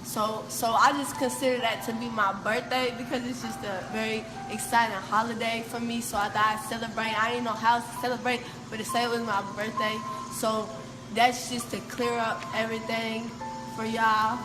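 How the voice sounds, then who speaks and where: A woman's voice: a little high, flat delivery, normal speed, lightly acted. A young woman in a comedy sketch playing an earnest girl who confides in the camera. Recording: echoey room, music behind.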